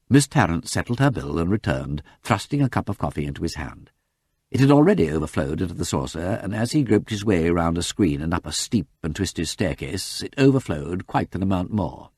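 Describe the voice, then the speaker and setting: A man narrating a mystery novel aloud with animated expression. His low, slightly husky voice ranges widely in pitch. The recording is dry and close. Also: brisk, dry recording. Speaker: audiobook reader. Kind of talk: scripted narration.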